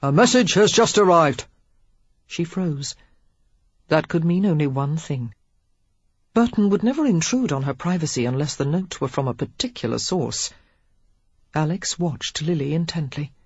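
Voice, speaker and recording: Husky, dry-sounding audiobook narrator. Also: medium pitch, no echo. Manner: steady, measured storytelling. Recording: dull lo-fi audiobook recording.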